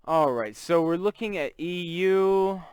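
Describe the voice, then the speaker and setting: A man's voice: high voice, a little slow, a little mellow, clear, resonant tone, dry recording. A man from Texas with a Southern accent, hosting a live trading stream in casual, chatty talk and greeting viewers by name. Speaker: forex trading stream host.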